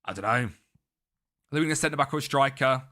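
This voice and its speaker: A man's voice: medium pitch, normal speed, bright, forceful tone. A young man, chatting casually with his live-stream chat and greeting viewers by name.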